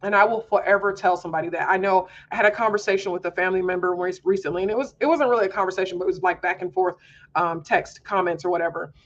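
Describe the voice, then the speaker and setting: A woman's voice: lowish voice, steady tone, fast talker, lo-fi sound. A woman hosting a homeschool mom podcast, talking earnestly in a candid personal monologue, confiding and full of fillers.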